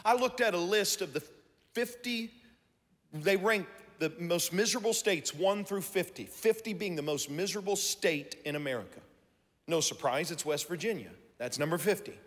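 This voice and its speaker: A man preaching a sermon to a congregation, lively and shouting out his key points. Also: high-pitched, moderate pace. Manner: animated, shouting for emphasis, talks to the congregation. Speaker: pastor. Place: large church hall. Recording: live church sermon with long hall reverb.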